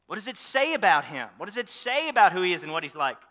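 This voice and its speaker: A man's voice: high-pitched, big pitch swings, quick pace, bright, forceful tone, long reverb tail. A man preaching a sermon, telling the story with animation and many rhetorical questions. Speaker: pastor.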